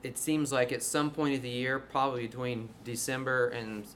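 A man's voice: medium pitch, little pitch movement, normal speed, a bit bright, slight background noise. A man, a music teacher giving a conversational workshop presentation to other teachers. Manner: conversational, demonstrates his voice registers. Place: room before a live audience.

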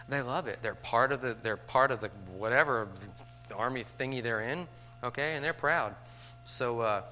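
Bright-voiced man lecturing teachers. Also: medium pitch, a little hiss or hum. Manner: frequent "okay?" check-ins, acts out classroom scenes. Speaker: teacher trainer.

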